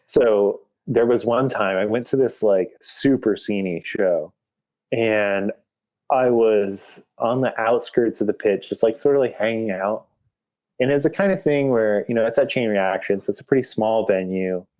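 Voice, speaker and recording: A man's voice: on the low side, measured pace, darkish tone. A man telling a story as a podcast guest, rambling casually with lots of filler words. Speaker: podcast guest, graphic artist.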